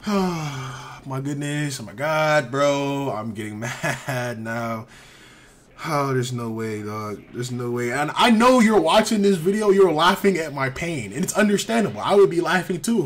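A young man giving casual gameplay commentary, animated and exasperated, full of slang and repeated phrases. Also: medium pitch. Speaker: gaming commentator.

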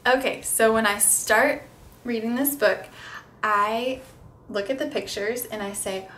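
A woman's voice: a little high, fairly even intonation, a little slow, fairly bright tone, slight background noise. A young woman speech therapist explaining how to read picture books with toddlers, slipping into sing-song, exaggerated sounds for children. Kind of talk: instructional demonstration.

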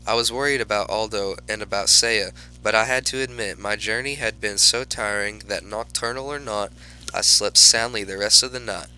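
A man narrating a children's storybook in the first person as a class pet hamster, with lively exclamations. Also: on the low side, normal speed, smooth, poor audio. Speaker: audiobook narrator.

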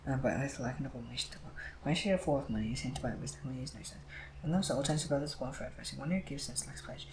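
A man reading scripture aloud, moving quickly and often stumbling over words and starting lines again. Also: medium pitch, background noise. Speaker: Bible reader.

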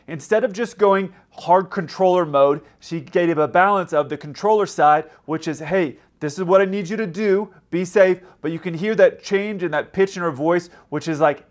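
Male host, higher-pitched, breaks things down in a casual, teaching way. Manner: explanatory, conversational. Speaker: aviation video host. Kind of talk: commentary on radio recordings.

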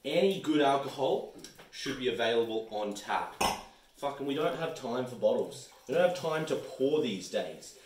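A man's voice: medium pitch, very animated, normal speed, a little mellow, slight background noise. A young Australian man hosting a mock cooking show in a kitchen, sarcastic and swearing a lot. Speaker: comedy cooking host. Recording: echoey kitchen, mic far off.

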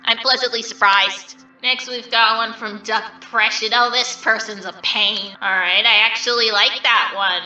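A woman's voice: a little high, fairly even intonation, measured pace, hardly any pauses, sharp tone, echoey room, recorded from a distance, lo-fi sound, soft background music. A woman voicing a vain, mischievous male triangle dream demon who reacts to fan art in a smug, theatrical, mock-offended way.

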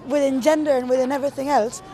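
A woman giving her opinion in an interview, animated and firm. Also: sits high, fast talker, a faint crowd. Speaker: student interviewee. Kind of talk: street vox pop answer.

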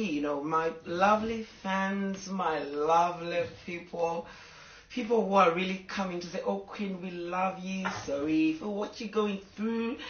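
Woman on a live video, emotional, rambling, distant from the mic, dull roomy sound. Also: lowish voice. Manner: talks to fans, stops to scold her dogs. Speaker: social media personality. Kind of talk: casual live video to fans. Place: home with a fireplace.

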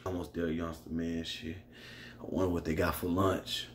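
Man putting on a mumbling old convict, half asleep, deeper and quieter than the storyteller's own voice. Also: fairly quick, a little hiss or hum, lightly acted. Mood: drowsy. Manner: drowsy, mumbling, low-key. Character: sleepy unbothered older male inmate.

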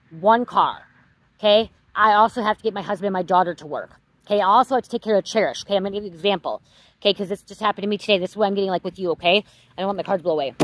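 Fast-talking venting woman tarot reader. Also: mid-range voice, poor audio. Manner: venting, repeats "okay?", swears often. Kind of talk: casual vlog rant.

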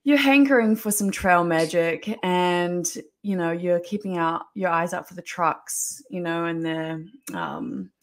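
A woman's voice: fairly low pitch, unhurried, hardly any pauses. A woman from New Zealand with a Kiwi accent, chatting as a podcast guest, laughing often and trailing off into fillers. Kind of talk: casual chat.

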